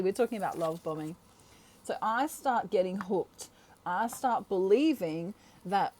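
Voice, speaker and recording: Talking to the camera on her own channel, a tarot reader keeps things casual in a relaxed, mellow, lowish voice. Her explanations are lively, full of laughter, and she performs the quoted voices herself.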